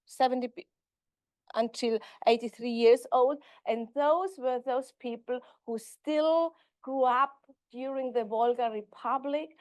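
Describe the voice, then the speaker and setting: A woman professor giving an academic conference lecture, halting and correcting herself as she goes. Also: fairly high pitch, no room sound. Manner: halting, self-correcting delivery. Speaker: linguistics professor.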